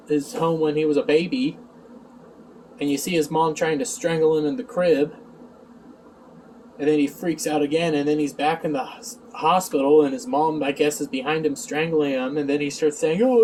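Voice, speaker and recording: A man's voice: on the high side, a little mellow. A man reviewing a TV episode in a rambling, sarcastic casual recap, recorded on a distant mic with faint background noise.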